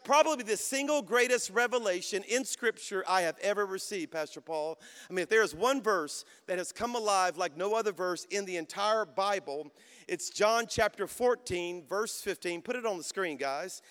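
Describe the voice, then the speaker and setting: A man's voice: high voice, normal speed, fairly bright tone, clear, resonant tone. A man in his fifties preaching a sermon, exhorting the crowd with call-and-response. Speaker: pastor. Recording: long hall reverb.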